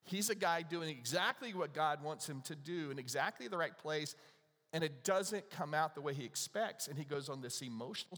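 A pastor preaches to his congregation in a conversational way, putting questions to them. His voice is on the high side and a bit bright, followed by a long reverb tail.

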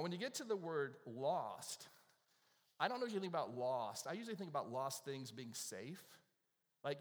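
A man preaching a conversational sermon, telling a story and asking the audience questions. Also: mid-range voice. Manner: animated, asks the audience questions. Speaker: pastor. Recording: long reverb of a large hall.

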